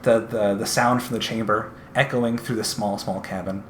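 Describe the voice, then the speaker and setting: A man running a tabletop game as game master, narrating in a halting way with many fillers. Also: lowish voice, fairly even intonation, a bit bright, echoey room, slight background noise.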